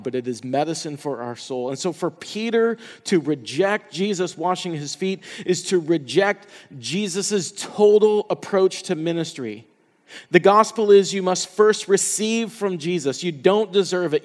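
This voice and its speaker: A man's voice: on the high side, in a large hall. A man preaching a sermon in an earnest way, restarting and repeating words as he builds emphasis. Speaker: pastor.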